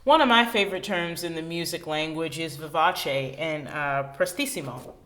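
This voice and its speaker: A woman music teacher giving a recorded lesson to children, chatty and enthusiastic, speeding up and slowing down to show tempos. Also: low voice, fairly bright tone. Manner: chatty, uses everyday examples.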